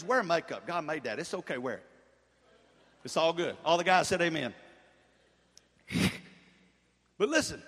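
High-voiced male pastor preaching. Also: fairly bright tone, in a large hall. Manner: preacherly call-and-response, rising to fervent emphasis. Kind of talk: sermon. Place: church sanctuary.

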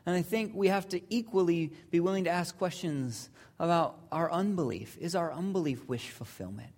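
A pastor giving a sermon in a conversational, storytelling way, sometimes with hesitant fillers, and dropping to a hush at serious points. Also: medium pitch, fairly quick, few pauses.

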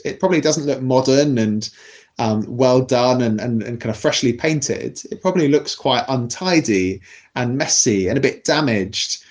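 Posh-sounding British man explaining. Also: mid-range voice. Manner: thoughtful, measured, with frequent restarts. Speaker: podcast guest explaining class. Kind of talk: conversational explanation.

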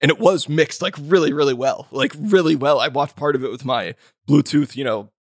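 A man's voice: fairly high pitch, brisk, no room sound, clean studio sound. A man co-hosting a podcast in casual chat, rambling loosely with lots of filler words and the odd swear. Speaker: podcast co-host.

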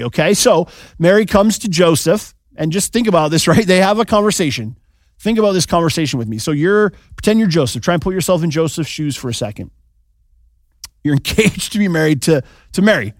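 A man's voice: on the high side, normal speed, dry recording, clean studio sound. Conversational man preaching. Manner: conversational, joking, asks "right?" often. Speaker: pastor. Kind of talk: sermon.

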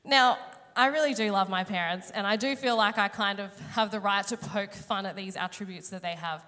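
A woman's voice: medium pitch, a bit bright. Chatty woman preaching in a reverberant hall. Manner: chatty, self-mocking storytelling with many fillers. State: voice a bit strained today. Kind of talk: sermon with personal story.

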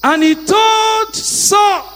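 A middle-aged male pastor preaching a sermon, calling on the congregation to repeat after him and rising to shouts. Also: very high-pitched, drawn-out words, faint music behind. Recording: echoey hall.

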